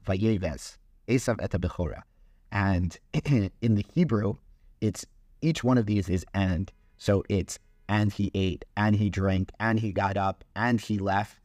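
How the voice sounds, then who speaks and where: A man co-hosts a podcast, talking loosely through a scripture passage. His voice sits low, and the sound is dry and close. He rambles, with frequent fillers and restarts. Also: a little mellow, no room sound. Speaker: podcast co-host. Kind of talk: casual chat about scripture.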